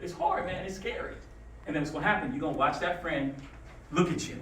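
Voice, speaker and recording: A man giving a motivational talk to high school students, drawing answers from the room and telling stories, recorded in a roomy classroom away from the mic. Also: quick pace, far from the mic, slight background noise. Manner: animated, calls for answers, storytelling. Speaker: motivational speaker.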